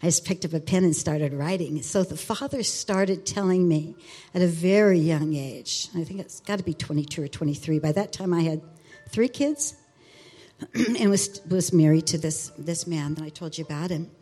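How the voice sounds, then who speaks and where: A woman in her sixties giving a personal testimony, earnest and halting, with many fillers and restarts. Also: fairly low pitch, warm tone, breathy edge, faint music behind. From Alaska. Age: 60s. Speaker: speaker sharing testimony.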